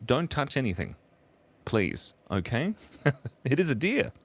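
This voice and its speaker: A man's voice: medium pitch, sing-song, measured pace. A young man on a casual live stream, drawing while chatting playfully, reading chat messages aloud and laughing often. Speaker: livestream artist drawing for chat.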